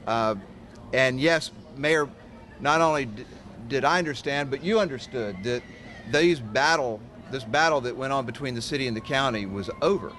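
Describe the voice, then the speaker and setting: Halting man with a mid-pitched voice. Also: a bit bright, slight background noise. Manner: halting, many fillers. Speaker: county commissioner. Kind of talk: formal public speech.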